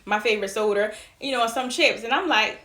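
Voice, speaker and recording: A woman tells a personal story in a loose, chatty way, full of "like" and "you know," and slips into the voices of the people in it. Her voice sits a little high. The recording has a roomy echo around it. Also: fast talker. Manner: animated, acts out dialogue in the story. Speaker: storytime vlogger. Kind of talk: casual storytelling.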